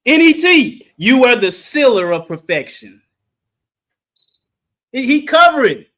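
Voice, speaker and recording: A man with a very high voice preaches through a Bible study with exuberant energy. His pitch swoops widely, and he shouts exclamations between joking asides. His tone is bright and forceful, yet he takes the words slowly. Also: very animated. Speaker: Bible teacher.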